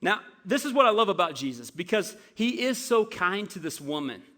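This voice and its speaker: A man preaching a sermon as pastor, telling a story in an animated way with frequent stammered restarts, in a church. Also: high voice, normal speed. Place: church sanctuary.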